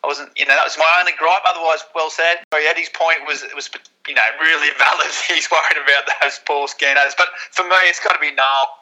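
A man's voice: fairly high pitch, steady tone, fast talker, bright, forceful tone, low-quality recording. A man co-hosting a podcast with laid-back, wry banter and casual swearing. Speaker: podcast co-host.

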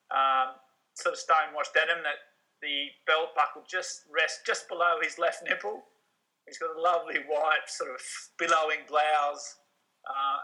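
A middle-aged man co-hosting a podcast, chatting casually with wry, deadpan humor. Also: a little high, poor audio. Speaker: podcast co-host. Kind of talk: casual chat.

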